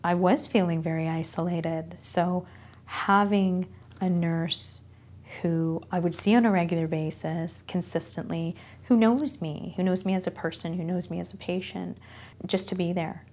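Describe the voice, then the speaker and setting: A woman's voice: fairly low pitch, steady tone, normal speed. A woman who is a cancer patient, telling her story in an interview in an earnest, reflective way. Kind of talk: interview testimony.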